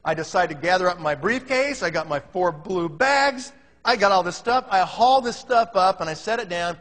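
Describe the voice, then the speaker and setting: A man tells a comic story with lots of energy, jumping into other people's voices. His voice is high and bright. It echoes with the long reverb of a big hall. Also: normal speed. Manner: animated, acts out the other voices.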